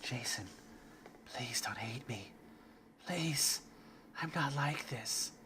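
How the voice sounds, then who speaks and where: A man voicing a shy, anxious teenage girl in a hushed, breathy whispered role-play while playing a game. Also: mid-range voice, unhurried, noisy background, natural voice. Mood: timid.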